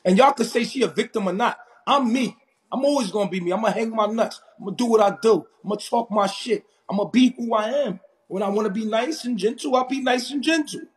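A man from Harlem with a New York accent, ranting intensely and confrontationally on a live stream, loud and in your face. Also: sits high, brisk. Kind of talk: heated live stream rant.

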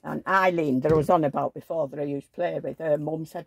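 Older woman, low gravelly voice, chatty rambling vlog talk, dry close sound. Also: steady tone, quick pace, no room sound. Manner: rambling, chatty storytelling with asides. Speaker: vlogger. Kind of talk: casual chat.

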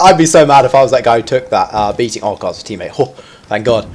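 A man's voice: mid-range voice, animated, quick pace, a little hiss or hum. A man giving live commentary over his own gameplay. He chats in a self-mocking way, then yelps and squeals at sudden moments. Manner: chatty and self-mocking between fights.

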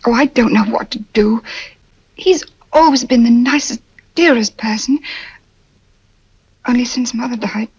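A frightened young society daughter. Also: female voice, on the high side, unhurried, long pauses, darkish tone, husky. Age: young adult. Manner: anxious, pleading, breathless telling. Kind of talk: 1940s film acting. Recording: dull old film soundtrack.

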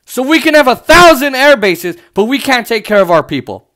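A man's voice: very high voice, very animated, moderate pace, bright, forceful tone. A man from the United States giving heated, sarcastic political commentary, swearing often as he rants.

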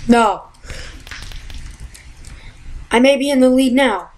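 A woman giving casual, excitable commentary while playing a video game at home, often exasperated and yelping at tough jumps. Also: sits high, takes it slowly, poor audio. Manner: exasperated, excitable, yelps and gasps. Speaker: gamer.

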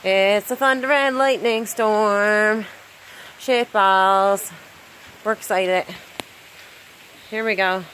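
A woman in a casual phone vlog, chatting excitedly while she films a rainstorm outdoors. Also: mid-range voice, very slow, pauses often, poor audio. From Newfoundland, Canada. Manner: chatty, excitable, rises into baby talk with her dog. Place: outdoors in a rainstorm, sheltering under cover. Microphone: phone held in hand. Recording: phone mic outdoors with light rain noise.

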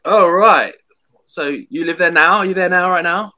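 A man's voice: sits high, moderate pace. A man working as an online English tutor, joking and laughing a lot in a casual video call chat. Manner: jokey, animated, laughs a lot.

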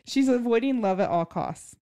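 A woman's voice: fairly high pitch, lively intonation, unhurried, warm tone, dry recording, clean studio sound. A young woman co-hosting a casual book-review podcast, chatty and giggly, leading the book summary. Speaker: podcast co-host.

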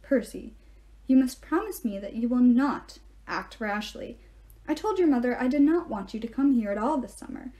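A kindly old centaur mentor speaks calmly and gravely, read by a woman. The voice sits a little high yet stays soft and mellow. He sounds weary and fatherly, like a storybook teacher. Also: moderate pace. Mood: grave, gentle. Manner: calm, gentle and grave. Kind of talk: reading aloud.

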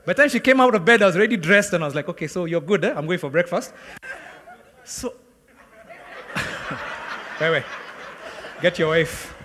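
A man's voice: high-pitched, moderate pace, long pauses, bright, forceful tone. A middle-aged man, a pastor, preaching a sermon and telling a story from his own life, acting out the dialogue and laughing often. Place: large hall with long reverb. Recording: long hall reverb from a church sanctuary.

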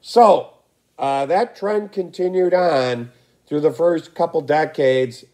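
A man teaching a recorded history lesson, his voice going hoarse, talking in a relaxed way with frequent fillers and throat clearing. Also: fairly high pitch, slow pace.

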